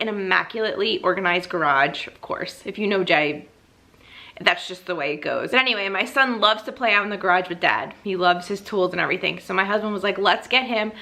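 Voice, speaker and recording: Young woman vlogger, bright and bubbly, slightly breathless, casual to-camera chat. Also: mid-range voice. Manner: bubbly, gushing, frequent "like". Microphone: camera mic, seated.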